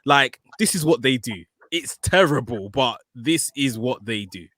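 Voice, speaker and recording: A man with a middle-pitched voice chats on a wrestling podcast in a relaxed, wry way. His voice sounds close and dry. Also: unhurried, dry recording. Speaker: podcast co-host. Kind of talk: casual wrestling chat.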